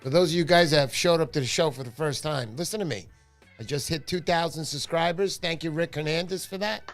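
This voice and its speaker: Chatty high-voiced New man. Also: a little fast, soft background music. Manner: chatty, joking, greets viewers by name. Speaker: livestream host. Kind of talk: casual livestream chat.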